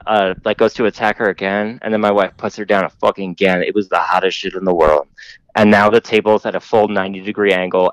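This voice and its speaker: In a casual storytelling segment, a podcast host with a fairly low, clean-toned voice wanders through a long tale full of fillers and profanity. The recording is dry and low-quality.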